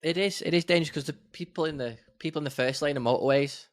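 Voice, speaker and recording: A man's voice: on the high side, quick pace, no echo, clean studio sound. A man co-hosting a podcast in casual chat, easygoing and emphatic, with sarcastic outbursts. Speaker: podcast co-host.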